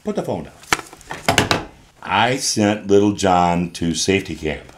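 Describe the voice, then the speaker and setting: An actor playing a smooth-talking Southern gentleman in a radio soap, with a Southern accent and a flowery, flattering way of talking. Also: sits low, unhurried, heavy background noise. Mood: evasive.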